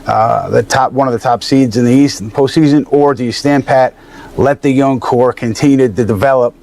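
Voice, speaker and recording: A man reading out a sports news article in a measured, steady way. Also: mid-range voice, gravelly.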